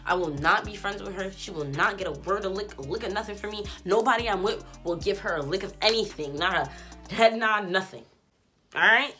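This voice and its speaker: Blunt, profane woman with a bright voice. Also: medium pitch. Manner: animated, acts out both sides of the story. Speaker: YouTube host and stylist. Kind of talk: casual storytime rant.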